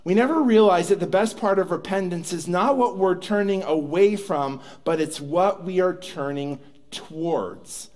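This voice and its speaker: A man's voice: high-pitched, unhurried, a little mellow. A man preaching a sermon as pastor, telling stories and acting out quoted prayers and dialogue. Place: church sanctuary.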